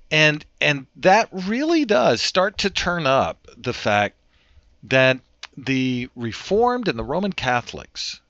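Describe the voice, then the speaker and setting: A man's voice: medium pitch, bright, forceful tone, no room sound, dull audio. Emphatic man explaining theology. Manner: emphatic, lecturing, repeats words when restarting. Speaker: theologian guest. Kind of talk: theological discussion.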